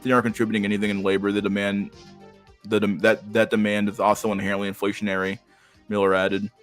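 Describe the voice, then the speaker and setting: A man's voice: on the low side, monotone, fast talker, faint music behind. A man hosting a podcast, reading a news article aloud and breaking off into profane, slangy asides. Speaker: podcast host.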